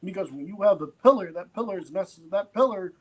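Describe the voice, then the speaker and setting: A man's voice: high-pitched, lively intonation, fast talker, slightly rough. A man co-hosting a wrestling podcast in casual chat, eagerly agreeing and repeating his points. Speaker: podcast co-host.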